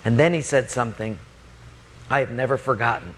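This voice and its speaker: A man preaching a sermon, telling a personal story and acting out the voices, dropping low and quiet to quote God. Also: a little fast, long pauses, slight background noise.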